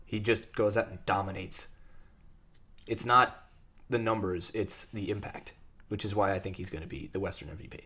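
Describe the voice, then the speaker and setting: A man co-hosting a sports talk show, chatting casually with animated, jokey banter. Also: fairly low pitch, normal speed, slightly rough.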